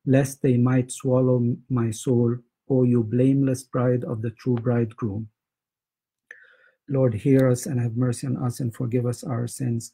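A man reads church prayers aloud in a steady, unhurried recitation. His voice is very dark and husky, held in a flat, narrow pitch with little rise or fall. He moves evenly through the scripture and the repeated chanted responses. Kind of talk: liturgical prayer reading.

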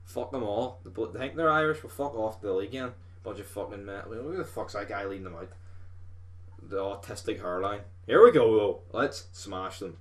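A man's voice: fairly low pitch, a little fast. Sweary Scottish man commentating gameplay. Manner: sweary, rowdy, excitable fan. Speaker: gaming video host.

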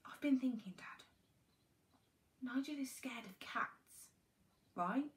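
Teacher doing a fed-up little girl, high and pleading, kinda whispery. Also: slow pace. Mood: whispering.

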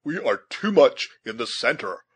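Man reading as an earnest young officer, husky. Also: mid-range voice, big pitch swings, unhurried, exaggerated voice. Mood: urgent.

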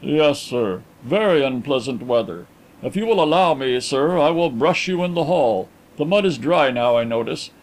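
A man's voice: mid-range voice, lively intonation, normal speed, close to an everyday voice, poor audio. A respectful manservant played by a man in a storybook reading. He speaks formally and deferentially, setting out details with careful precision.

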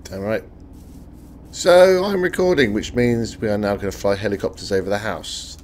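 A man with a sore throat and a croaky, gravelly voice, chatting casually and swearing freely as he comments on his own gameplay. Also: on the low side, normal speed, darkish tone, slight background noise. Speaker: let's play host.

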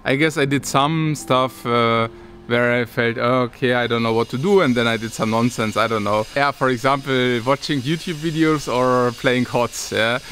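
A man's voice: mid-range voice, fairly even intonation, normal speed, a bit bright, slight background noise. A man talking casually to his viewers as a vlogger, rambling and restarting his sentences, with occasional chuckles. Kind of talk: casual talk to camera.

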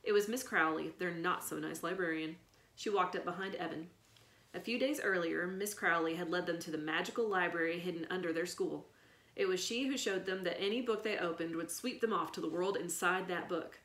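A woman reading a children's chapter book aloud in an expressive storytelling manner. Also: lowish voice, a little fast. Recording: echoey room.

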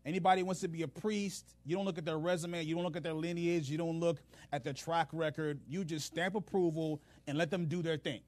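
A man voicing a level-headed allied king who talks in relaxed slang and sounds skeptical. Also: fairly high pitch, brisk, hardly any pauses, dry recording, natural voice.

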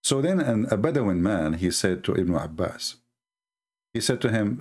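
A man from the Middle East with an Arabic accent, a native Arabic speaker, giving a sarcastic, animated commentary as a Christian apologist. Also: lowish voice, moderate pace, husky. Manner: sarcastic, animated, laughs at his own points. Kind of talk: mocking commentary talk.

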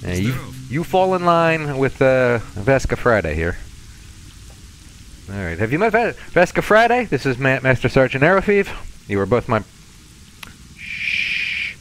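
A swaggering, threatening stalker voiced by a man who bosses his hostages around in a thick fake Russian accent. His pitch swings widely as he swears and menaces through the game role-play. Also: sing-song, measured pace, long pauses, a bit bright, slight background noise, poor audio. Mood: gloating.

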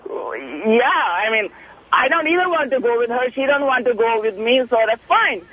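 Guy calling in on a tinny phone, high pitched, keeps stopping and restarting, defensive. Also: expressive, slightly rough. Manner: defensive, halting, many restarts. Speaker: caller. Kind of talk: call-in radio talk.

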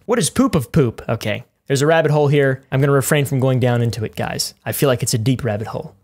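Man, gaming youtuber, let's play commentary, goofy, rambling, crude jokes. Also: medium pitch.

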